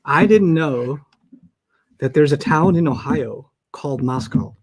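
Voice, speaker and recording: A man with a fairly high voice teaches a class in a casual, chatty way. He acts out the people in his stories and keeps asking students to answer. Typing is heard now and then in the background. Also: unhurried, husky. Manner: animated storyteller who acts out quoted people; asks students questions and checks their answers. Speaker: Arabic teacher. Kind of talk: casual storytelling and live teaching.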